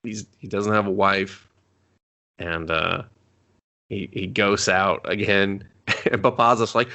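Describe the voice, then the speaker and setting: A man casually recapping a movie, joking and swearing as he acts out characters in loud, high voices. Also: fairly even intonation, slow pace, pauses often. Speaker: podcast co-host.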